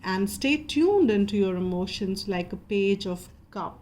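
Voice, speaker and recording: A woman giving a calm, meandering spiritual tarot reading in a gentle, reassuring way. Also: medium pitch, measured pace. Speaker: tarot reader.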